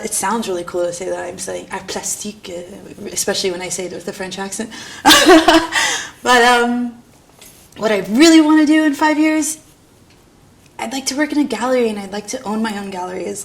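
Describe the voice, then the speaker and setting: A woman's voice: mid-range voice, gravelly. Young irreverent New woman. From New York. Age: young adult. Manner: irreverent, self-mocking, laughs often, swears casually. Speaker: art student. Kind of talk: candid documentary interview.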